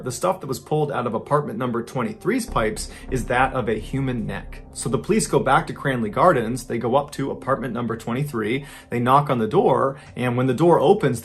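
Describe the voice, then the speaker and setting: A man's voice: medium pitch, expressive, normal speed, hardly any pauses, faint music behind. A man hosting a podcast, telling a true-crime story in a casual, conversational way that builds suspense. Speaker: podcast host.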